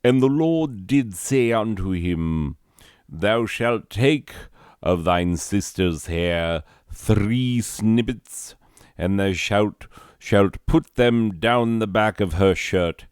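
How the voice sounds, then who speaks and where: A man's voice: lowish voice, animated, takes it slowly, a little mellow, clean tone, dry recording, clean studio sound, pitched above the performer's own voice. A man voicing a young man who reads scripture in a grand, pompous, mock-solemn accent, raised well above his own voice. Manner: mock-solemn, archaic, theatrical.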